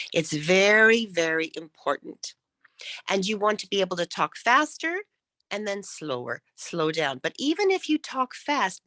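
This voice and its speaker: Woman speaking coach, crisp diction, lively swoopy pitch, dry close video call sound. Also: no echo. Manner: crisp, careful enunciation; demonstrates shifts between loud and whispered speech. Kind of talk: online workshop teaching.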